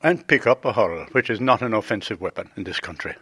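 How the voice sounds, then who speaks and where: An older judge speaks formally and earnestly in a low voice. His measured answers come through dry and close. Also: animated, pushed and bright, breathy edge, dry recording. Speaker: presiding judge. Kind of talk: interview answers.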